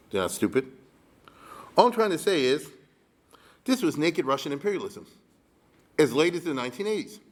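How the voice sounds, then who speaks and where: A man's voice: medium pitch, a little hiss or hum. A man, a rabbi, giving a conversational history lecture, often checking in with his listeners and dropping wry humorous asides. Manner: chatty, keeps checking in with the audience.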